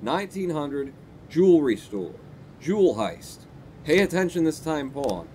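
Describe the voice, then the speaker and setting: Animated, sarcastic male game streamer. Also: a little high, measured pace, slight background noise. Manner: animated, sarcastic, talks to chat. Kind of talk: live gameplay commentary, reading game text aloud.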